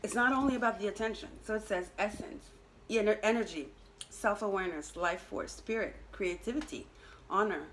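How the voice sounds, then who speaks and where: A woman's voice: mid-range voice, slight background noise, poor audio. A woman giving a casual astrology and tarot energy reading, talking straight to her viewers in a chatty, teasing way with lots of fillers and little laughs. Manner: chatty, teasing, full of "you know" fillers, laughs at herself.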